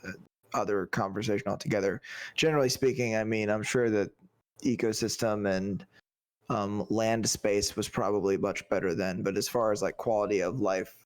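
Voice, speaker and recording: A man co-hosting a casual podcast from home over a video call, relaxed and hedging with "I mean" and "like.". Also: fairly low pitch, normal speed. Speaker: podcast co-host. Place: home room with a bike on a stand behind him.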